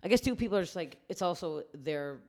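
A woman's voice: on the low side, fast talker. A young adult woman comedian chatting casually on a podcast, telling stories with lots of swearing. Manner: animated storyteller, swears freely. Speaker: stand-up comedian.

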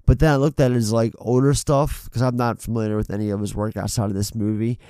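A male podcast co-host talks in a loose, rambling way, swearing often and joking at his own expense. His voice is gravelly and mellow. The recording is dry and close, with no room sound. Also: medium pitch, little pitch movement, fast talker, no echo. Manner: profane, rambling, self-deprecating. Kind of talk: casual chat.

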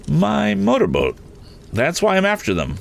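An earnest young inventor, voiced by a male reader pitched well above the reader's own voice. He presses urgently and determinedly, and the lines leap around in pitch. A storybook hero in a hurry. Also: huge pitch swings, measured pace, gravelly, heavily acted. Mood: eager.

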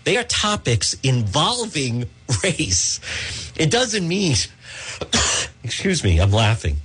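Husky, combative talk radio man. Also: fairly high pitch, very animated, slow, pauses often, a bit bright. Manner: combative and emphatic, stumbling restarts. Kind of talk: opinionated talk radio monologue.

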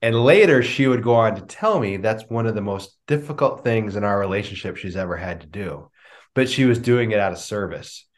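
A middle-aged man, a business coach, answering interview questions with lively storytelling and acted-out dialogue over a video call. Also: lowish voice, fairly quick. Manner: animated storyteller, acts out quoted dialogue. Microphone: remote video call.

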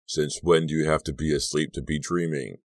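Male narrator voicing a teen joker, needling and brash, very deep read, dry booth sound. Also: fairly even intonation, fairly quick, darkish tone, dry recording. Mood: teasing. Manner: teasing, needling jokes. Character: wisecracking teenage boy friend, teasing and brash. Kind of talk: audiobook character reading.

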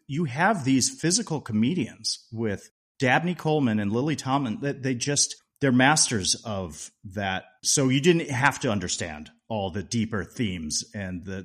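A man co-hosting a podcast, chatting enthusiastically about a film, with restarts along the way. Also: lowish voice. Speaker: podcast co-host. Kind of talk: casual movie review chat.

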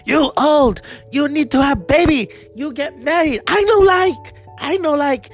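A man's voice: very high-pitched, a little slow, soft background music, pitched above the performer's own voice. A man imitating his tough, bossy old grandmother, speaking in blunt, broken phrases. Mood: scolding. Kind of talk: impression within a personal story.

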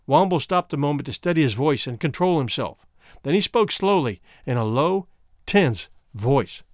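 A man narrating a story in an expressive audiobook reading. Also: fairly high pitch, moderate pace, no echo, studio quality. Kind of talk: scripted narration.

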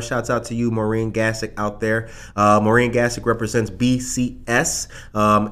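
A man hosting a casual live talk show, emphatic and fond of repeating phrases for punch. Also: medium pitch. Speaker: show host.

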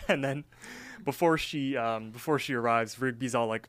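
A podcast co-host casually recaps a cartoon episode, rambling along with plenty of fillers. His voice is medium-pitched and fairly bright, at a moderate pace.

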